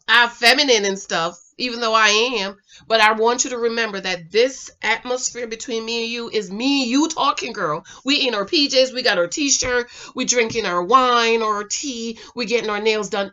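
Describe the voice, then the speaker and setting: Woman, 30s, relationship mentor. Chatty, sisterly, slips into soft low talk. Bright tone, dull lo-fi sound. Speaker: relationship mentor, channel host. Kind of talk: casual chat to camera.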